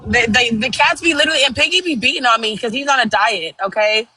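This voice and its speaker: A young woman hosting a live stream, telling animated, profane stories in casual chat and acting out the quotes. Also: a little high, quick pace, breathy edge, low-quality recording. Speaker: TikTok live host.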